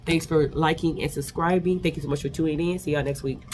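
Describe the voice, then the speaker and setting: A man hosting a vlog, giving an animated, sassy casual recap of a reality TV episode. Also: fairly high pitch, quick pace, noisy background. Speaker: vlog host.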